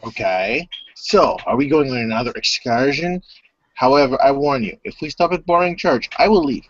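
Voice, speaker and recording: A man voicing an old undead male vampire, a creepy foreign gentleman, speaking in a theatrical, sardonic way with broken grammar in a tabletop role-play. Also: medium pitch, animated, moderate pace, no room sound, lightly acted. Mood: deadpan. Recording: dull lo-fi recording.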